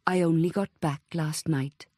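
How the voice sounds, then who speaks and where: A woman reading the lines of an earnest, eager adult man who talks in hurried, halting phrases. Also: on the high side, steady tone, a little mellow, dry recording, studio quality.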